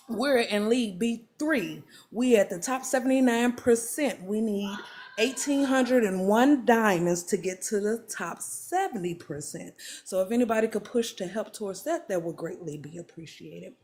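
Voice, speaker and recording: A woman co-hosting and moderating a live stream, announcing goals in a drawn-out, casual way. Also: mid-range voice, lively intonation, a little mellow, a little hiss or hum.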